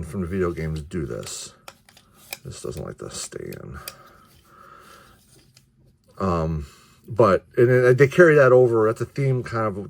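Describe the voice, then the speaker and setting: A man casually reviewing action figures, rambling with many restarts and the odd curse. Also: low voice. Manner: offhand, mildly profane. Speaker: toy reviewer.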